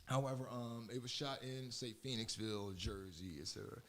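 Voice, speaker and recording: A man's voice: medium pitch, fairly quick, a bit bright, a little hiss or hum. A man with a Philadelphia-area accent, hosting a radio show in a rambling, chatty way, often correcting himself mid-sentence. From southeastern Pennsylvania. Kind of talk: casual talk radio chat.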